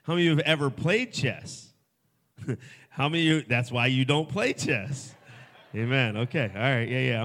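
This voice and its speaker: A man preaching a sermon at a festival, swinging from hushed, soft lines to loud, emphatic ones. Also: medium pitch, moderate pace. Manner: dynamic, swings from hushed to shouting. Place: festival stage before a crowd.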